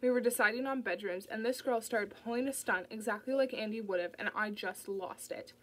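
A woman's voice: fairly high pitch, fairly quick, fairly bright tone, rough recording. A woman voicing a bitter, hostile young woman who sneers and curses, in an audiobook reading.

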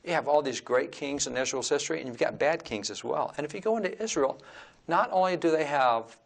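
A man's voice: a little high, animated, brisk, vocal fry. A man with a Texan accent, talking earnestly as an interview guest about history in a room full of old books. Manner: earnest, lecturing, reads aloud from old books. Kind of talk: informal explanatory talk. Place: room surrounded by old textbooks.

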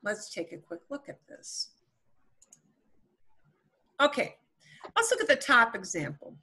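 A woman's voice: fairly high pitch, huge pitch swings, measured pace, bright, forceful tone, husky. A woman teaching a beginner Spanish class, explaining patiently with playful comparisons.

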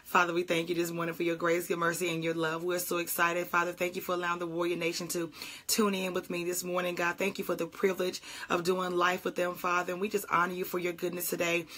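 A woman's voice: fairly low pitch, completely flat delivery, quick pace, bright, forceful tone. A woman pastor, greeting livestream viewers by name and leading a fervent flowing prayer.

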